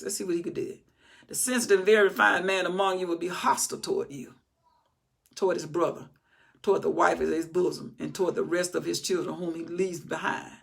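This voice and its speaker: An older woman giving an informal, animated Bible teaching in a folksy way, acting out the scripture passages, her voice still recovering and a little worn. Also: on the low side, creaky, slightly rough.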